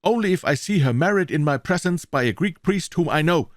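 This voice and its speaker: A man's voice: on the high side, expressive, brisk, dry recording, studio quality, pitched above the performer's own voice, natural voice. A man with a German accent voicing a defiant, starving Greek prisoner who indignantly refuses his captors.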